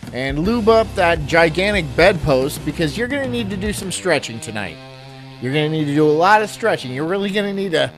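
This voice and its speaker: Casting note: high-voiced man, a lively and mocking stream host, faint music behind. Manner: mocking, loud, repeats jokes. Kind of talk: reaction stream commentary.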